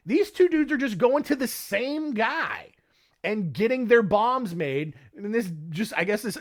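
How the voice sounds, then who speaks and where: A man hosting a casual history podcast, jokey and rambling, with many filler words. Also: sits high. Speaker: podcast host.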